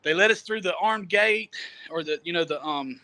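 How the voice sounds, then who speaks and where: A man telling a travel story in a casual, animated way, often laughing and repeating words as he goes. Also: high-pitched, moderate pace. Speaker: storyteller guest. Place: Jamaica.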